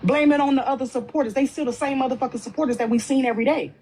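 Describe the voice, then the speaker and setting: A woman's voice: high-pitched, rapid-fire, mellow, slightly rough. A woman speaking on a livestream panel, blunt and heavily profane as she confronts another member. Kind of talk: heated livestream argument.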